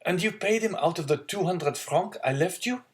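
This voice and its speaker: A man's voice: high-pitched, animated, normal speed, pitched above the performer's own voice. A man voicing an earnest young sailor of twenty, devoted to his father, reading from a storybook. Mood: anxious. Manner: earnest, pleading.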